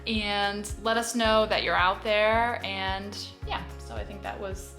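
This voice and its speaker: A woman's voice: mid-range voice, fairly even intonation, takes it slowly, over music. A young woman co-hosting a vlog from a car, chatting to viewers in an upbeat way while recovering from a cold that makes her voice crack. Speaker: vlog co-host. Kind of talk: casual chat to viewers.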